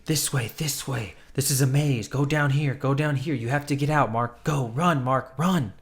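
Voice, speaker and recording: A man's voice: mid-range voice, moderate pace, voice pushed up, lightly acted. A man voicing an ancient male moon god who urgently commands his follower, raising his voice a little.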